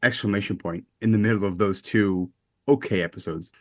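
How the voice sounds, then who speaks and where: Animated podcast co-host, man. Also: fairly low pitch, fairly quick. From United States. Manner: animated, profane, film-nerd enthusiasm. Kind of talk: casual chat.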